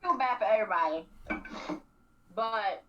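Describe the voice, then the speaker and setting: A woman co-hosting a radio show, animatedly recapping a reality series and acting out quotes with frequent throat clearing. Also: medium pitch, animated, moderate pace. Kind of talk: casual recap chat. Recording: distant, dull lo-fi radio mic.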